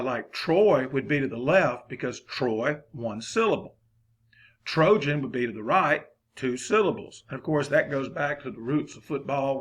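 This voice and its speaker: Husky man talking coaching. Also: mid-range voice, fairly bright tone. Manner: folksy, rambling and conversational. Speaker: football coach. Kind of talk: informal coaching lesson.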